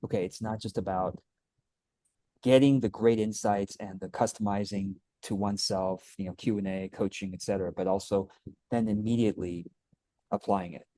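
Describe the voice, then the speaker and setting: Man, casual interview, mellow dark tone, soft-spoken, affirming. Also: lowish voice, steady tone, moderate pace, no echo. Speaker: guest and productivity teacher.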